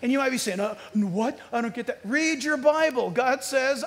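High-pitched animated male preacher, hall reverb. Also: normal speed, hardly any pauses. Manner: animated, emphatic preaching with sudden loud peaks and hushed storytelling. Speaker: pastor. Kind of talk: sermon. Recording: long church hall reverb.

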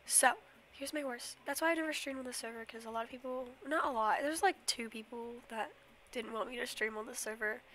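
A woman's voice: a little high, a little fast, pushed and bright, slight background noise. A young woman, a bit sick, chatting through a casual game stream, rambling and giggly with lots of fillers and apologies. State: slightly sick. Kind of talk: casual Minecraft stream tour.

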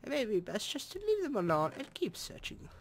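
A man voicing his own inner conscience with a put-on German accent, reading slowly and gravely in a game commentary. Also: extremely high pitch, huge pitch swings, a little hiss or hum, pitched above the performer's own voice, exaggerated voice. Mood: ominous. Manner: slow, grave storybook reading. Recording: loud music playing behind.

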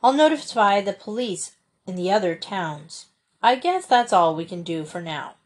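A commanding small-town police chief, voiced by a woman reading aloud, curt and no-nonsense. The voice sits at a middle pitch. It comes from a storybook reading. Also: big pitch swings, normal speed, lightly acted. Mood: stern.

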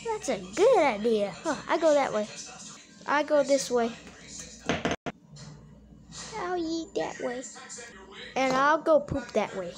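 A woman with a high voice talks through a spooky game in a goofy, jokey way. She takes her time and plays up the drama for laughs. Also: very animated, takes it slowly, pauses often, music in the background. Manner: silly, jokey, playfully dramatic. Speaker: game video creator. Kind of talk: goofy horror game commentary.

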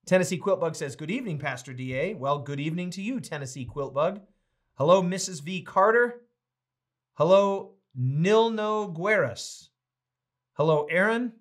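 An upbeat man with a fairly high speaking voice hosts a livestream as a pastor. He greets his viewers one by one in a friendly, casual way and then moves into announcements. He sounds like he is talking from an indoor home studio. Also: lively intonation, normal speed. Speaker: pastor and host of a livestreamed reading series.

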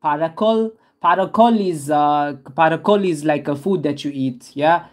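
A man's voice: fairly high pitch, normal speed. A man hosting a live gaming stream, hyped and repeating calls for players to hurry up.

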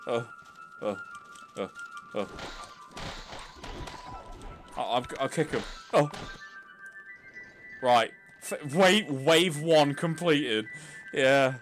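A man's voice: mid-range voice, expressive, extremely slow, pauses often, fairly bright tone. A man casually commenting on a video game as he streams it, swearing, exclaiming and laughing at what happens on screen. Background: game music.

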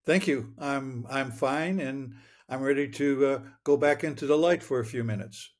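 This interview guest is an 80-something man from Michigan in the United States, talking at medium pitch and normal speed. He recounts a lengthy personal story with earnestness, frequently saying things twice as he goes.

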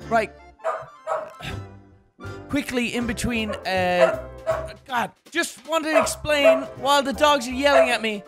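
High-voiced excitable male streamer. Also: slow, pauses often, loud music behind the voice. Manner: excitable, loud and sweary. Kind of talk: charity livestream commentary.

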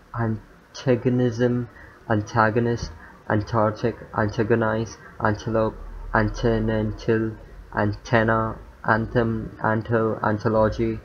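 A man reading dictionary words aloud one after another, in a monotone, with stumbles, fillers and muttered asides. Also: lowish voice. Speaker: youtuber. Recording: dull lo-fi mic with faint noise.

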